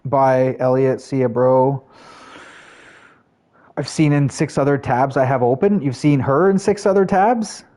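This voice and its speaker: A man's voice: mid-range voice, measured pace, warm tone. A man streaming live, chatting casually with his viewers in a rambling way with lots of fillers. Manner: chatty, rambling, talks to chat, frequent fillers.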